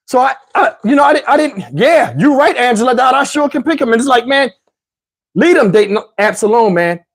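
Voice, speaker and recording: A middle-aged man vlogger telling a story to camera in a casual, animated way, with slang, swearing and laughter. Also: very high-pitched, fairly quick.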